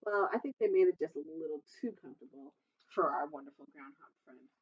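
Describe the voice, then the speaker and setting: A woman's voice: low voice, expressive, fairly quick, slightly rough, far from the mic. A children's librarian, a woman, reading a picture book aloud at storytime and chatting playfully with the kids. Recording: dull lo-fi recording.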